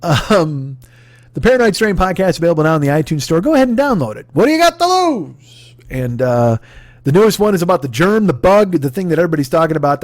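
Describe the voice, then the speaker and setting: A man's voice: fairly high pitch, big pitch swings, fast, darkish tone, dry recording. A man hosting a comedy podcast, rambling profanely through a jokey sponsor plug and drifting into silly tangents. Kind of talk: rambling comic sponsor read.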